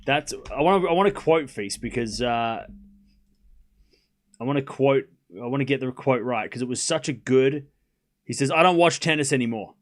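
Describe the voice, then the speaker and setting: A man's voice: mid-range voice, lively intonation, moderate pace. A young man hosting a live stream, chatting casually and rambling, often repeating himself. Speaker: host.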